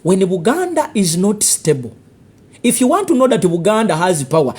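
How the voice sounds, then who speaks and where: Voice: mid-range voice, sing-song, moderate pace, mellow, breathy edge. A speaker with a Ugandan accent giving a live political commentary monologue, confrontational and full of rhetorical questions and repeated warnings.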